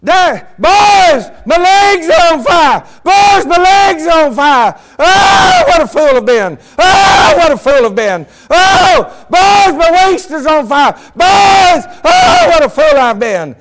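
A man voicing a dying old man who shouts and wails in panic. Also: very high-pitched, huge pitch swings, slow, hardly any pauses, a loud crowd, very noisy, voice pushed up, exaggerated voice. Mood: terrified screaming.

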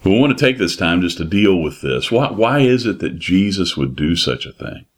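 A man preaching a sermon in a slow, emphatic way, repeating his phrases. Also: sits low, very animated.

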